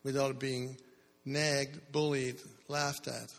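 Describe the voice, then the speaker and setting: Slow and medium-pitched, with little pitch movement and some vocal fry, a male preacher delivers a sermon in an echoey church hall. He asks the congregation "how many" questions and builds his points in bursts.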